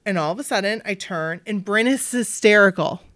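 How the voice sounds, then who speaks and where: A woman's voice: mid-range voice, fairly quick, dry recording, studio quality. A woman from Maine telling a story in casual chat. She acts out what people said and fills her talk with "like". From Maine, USA. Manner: animated, acts out quoted voices, many "like" fillers.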